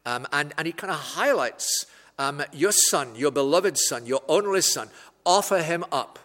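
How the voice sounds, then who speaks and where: Male preacher, explanatory sermon delivery, a touch high-pitched, recorded with long hall reverb. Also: animated, pushed and bright. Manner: measured, explanatory, with wry asides. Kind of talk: expository sermon. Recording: echoey hall.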